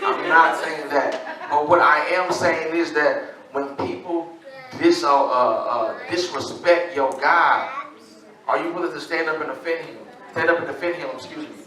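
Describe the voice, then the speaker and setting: High, bright-voiced preacher man in an echoey church. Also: normal speed, recorded from a distance. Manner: casual slang-filled preaching. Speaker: pastor. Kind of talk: sermon.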